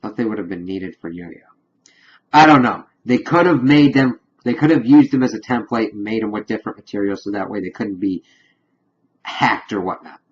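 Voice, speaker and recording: Rambling man, low voice, dull recording. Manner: rambling, excitable, retells scenes with quick paraphrased quotes. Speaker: TV episode reviewer. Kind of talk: casual spoiler review.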